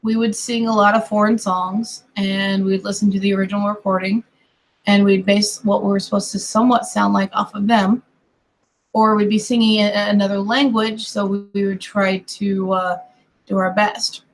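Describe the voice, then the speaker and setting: A digital artist streams her drawing while giving casual, rambling commentary, slipping into apologetic, self-deprecating asides that often fade into murmurs. Her mid-range voice is flat and at normal speed, and the audio is poor.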